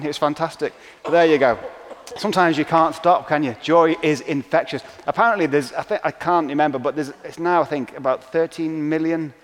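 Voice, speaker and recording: A man's voice: on the high side, normal speed. Chatty male preacher in a reverberant church. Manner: conversational, with chatty tag questions. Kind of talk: sermon.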